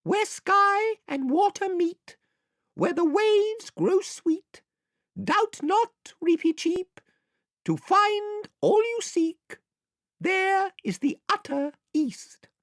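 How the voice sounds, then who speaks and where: A man reading aloud and voicing a brave, courtly talking mouse knight in a slow, solemn, formal recital. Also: extremely high pitch, expressive, a bit bright, dry recording, studio quality, voice pushed up, full character voice.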